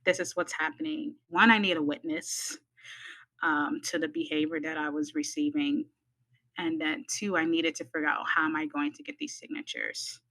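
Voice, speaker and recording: A woman's voice: low voice, normal speed, rough recording. A midwifery student, a woman from the United States, telling a personal story in a podcast and acting out the voices of the people in it. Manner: animated, acts out quoted voices.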